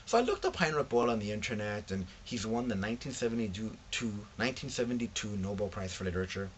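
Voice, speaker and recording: A man's voice: on the low side, expressive, fast, a little hiss or hum. A young man casually chatting in a vlog about books he found, telling the story with slangy asides and acting out what his friends said. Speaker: book vlogger.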